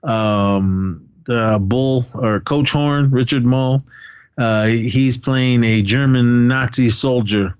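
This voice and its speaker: A man's voice: mid-range voice, slow pace, smooth, no echo, highs cut off. A man co-hosting a podcast, casually retelling movie scenes, often laughing and swearing now and then. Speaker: podcast co-host. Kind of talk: casual movie recap chat.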